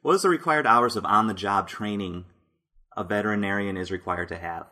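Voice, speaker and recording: A man's voice: on the low side, fairly quick, sharp tone. A man hosting a casual podcast quiz, playful and often laughing as he reads out answers. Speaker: podcast host running a quiz. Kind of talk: casual comedic chat.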